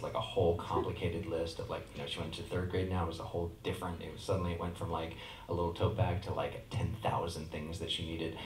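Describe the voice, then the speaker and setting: A man in his forties answering at a convention panel, telling stories with halting restarts and chuckles. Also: low-pitched, a little mellow. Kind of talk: rambling anecdotal panel answer. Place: large convention hall. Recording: echoey hall, far from the mic, noisy.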